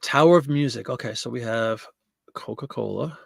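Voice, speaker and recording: Guy doing a casual live stream from home, chatty, bit of a gravelly voice, dry close sound. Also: fairly high pitch, lively intonation, normal speed, fairly bright tone, no room sound. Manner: chatty, talks to viewers and baby-talks to his pet. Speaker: online seller hosting a live listing show. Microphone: desk microphone.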